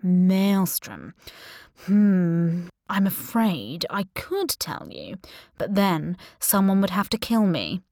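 A smug, unhurried male killer taunts his captive in a calm, mocking drawl, as a woman narrator puts him on. The voice sits low and the audiobook sound is close and dry. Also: no echo, heavily acted. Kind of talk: audiobook character voice.

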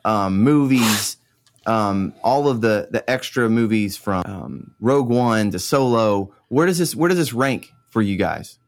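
A man's voice: lowish voice, lively intonation, unhurried. Guy hosting a podcast, casual chatty talk, trips over a few words then flows. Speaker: podcast host. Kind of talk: casual chat.

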